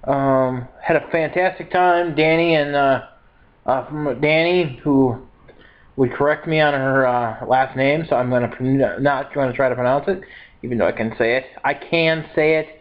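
A man's voice: medium pitch, moderate pace, muffled recording. A man in his twenties vlogging in a casual, rambling and upbeat way, with frequent laughs and filler words. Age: 20s. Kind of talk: casual chat to camera.

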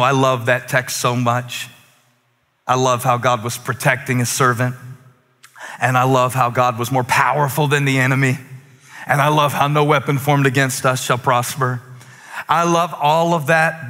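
A man's voice: mid-range voice, pushed and bright. A man in his forties preaching a conversational sermon to a small group in a church, rising to emphatic peaks. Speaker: pastor. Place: church stage with few listeners. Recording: long hall reverb.

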